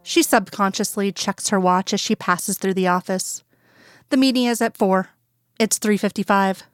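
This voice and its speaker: Smooth, close-miked woman narrator for a calm fanfiction reading, dry sound. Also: medium pitch, normal speed, dry recording, faint music behind. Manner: calm storytelling, plain voices for quoted characters. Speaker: fanfiction reader. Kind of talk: scripted narration.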